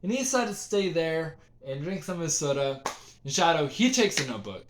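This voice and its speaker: A man's voice: a little high, sing-song, fairly quick, slight background noise. A young man telling a story in a casual, rambling way, full of fillers and restarts.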